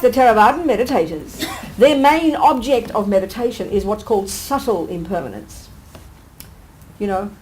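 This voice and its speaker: Nun, dharma teacher: blunt, punchy, colloquial, peppers talk with rhetorical questions, mid-pitched woman. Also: a little mellow, slight background noise, rough recording. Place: meditation centre teaching hall.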